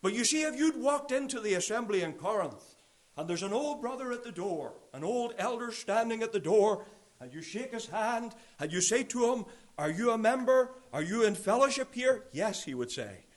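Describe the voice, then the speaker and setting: A male preacher delivers a sermon to his congregation, his voice sitting high and swinging widely in pitch. He slows down to stress key phrases and slips into quiet asides. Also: sing-song. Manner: emphatic, repeats key phrases slowly. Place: church gathering.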